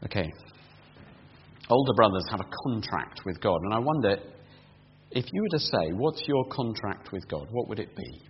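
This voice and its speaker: A man preaching a sermon, explaining a passage point by point, building to emphatic peaks and then dropping quiet and close. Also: fairly low pitch, sing-song, moderate pace, long pauses. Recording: dull lo-fi sound with long hall reverb and faint hum.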